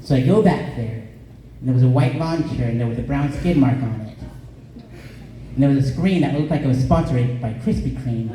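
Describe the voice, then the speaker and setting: A male stand-up comedian from Colorado, delivering a deadpan comedy set in a small club. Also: mid-range voice, crowd noise. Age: 20s or older. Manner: deadpan, sings a parody song at a slow drawn-out pace. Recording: echoey room, voice caught from a distance.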